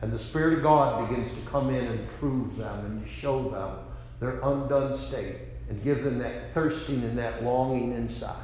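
A middle-aged male pastor preaching a revival sermon, telling a story with fervor, rising to loud declarations and dropping to hushed quotes. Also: medium pitch, moderate pace, slight background noise. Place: large church sanctuary. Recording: very echoey church hall reverb.

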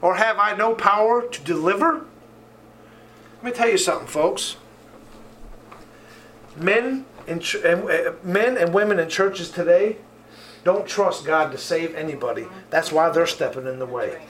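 A man's voice: a little high, unhurried, distant mic, a little hiss or hum, rough recording. A man preaching a sermon, fervent and full of rhetorical questions, reading scripture aloud.

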